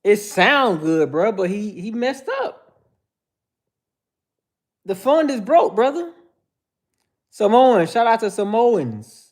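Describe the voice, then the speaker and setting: A man hosts a livestream, riffing bluntly and jokingly while he shouts out viewers. His voice sits high for a man. It swings up and down a lot as he talks. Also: very animated, slow, pauses often. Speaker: host. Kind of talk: livestream commentary.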